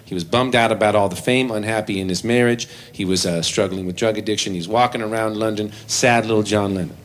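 A man performing live, telling a comic story between songs in an animated, self-deprecating way into a stage microphone. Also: lowish voice, brisk, a little hiss or hum. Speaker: comedic musician performing live. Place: live venue with audience.

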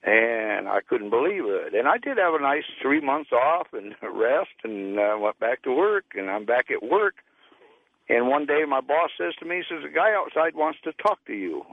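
A man's voice: mid-range voice, very animated, normal speed, creaky, no room sound. A man telling a long personal story over a tinny, phone-like line. His voice sounds dry and close, and he talks plainly, slipping into the voices of the people in his story. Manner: plain folksy storytelling, acts out quoted voices. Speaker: caller.

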